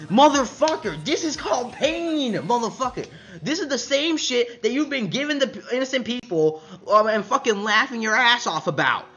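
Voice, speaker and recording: A man voicing a furious young male swordsman who yells at his enemy with profanity, high and strained. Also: expressive, normal speed, heavily acted. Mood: enraged.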